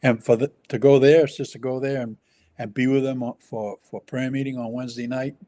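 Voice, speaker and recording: A man speaking as a pastor in a relaxed ministry conversation, pausing and restarting often as he describes his work. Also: mid-range voice. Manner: halting, with many restarts and fillers.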